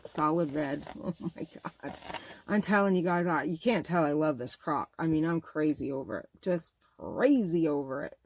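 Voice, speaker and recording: A woman's voice: sits low, lively intonation, moderate pace, hardly any pauses, darkish tone, no echo. A middle-aged woman hosting a bag-making vlog, chatting in a rambling, gushing, exclamatory way as she shows off her materials. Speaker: bag-making channel host. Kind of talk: casual show-and-tell vlog.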